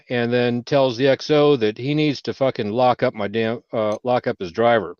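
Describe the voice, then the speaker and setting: A man's voice: mid-range voice, normal speed, hardly any pauses, no echo. Profane man telling stories, dull lo-fi sound. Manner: heavy profanity, loud bursts when quoting himself. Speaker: veteran panelist. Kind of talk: casual storytelling chat. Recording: dull lo-fi audio.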